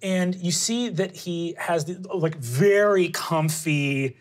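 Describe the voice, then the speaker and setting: A woman narrating as game master of a tabletop game, lively and full of fillers. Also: on the low side, slow.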